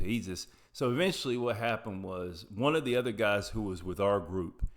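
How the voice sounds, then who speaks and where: A man with an Appalachian accent, casually telling a personal story, rambling and correcting himself as he goes. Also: fairly low pitch. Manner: rambling, self-correcting, trails off quietly. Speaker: podcast host.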